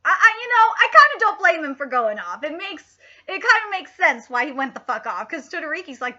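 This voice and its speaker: A woman with a very high voice gives live reaction commentary, swooping up and down as she gets worked up. She swears freely and breaks into laughs. Her voice is bright and sharp, and the home stream audio is muffled and lo-fi. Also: brisk, hardly any pauses. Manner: excitable, frequent swearing, laughs a lot.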